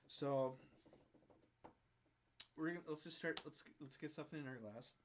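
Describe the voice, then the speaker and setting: A young man in his twenties co-hosting a casual podcast chat, rambling and halting with fillers and restarts. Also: on the high side, background noise. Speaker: podcast co-host.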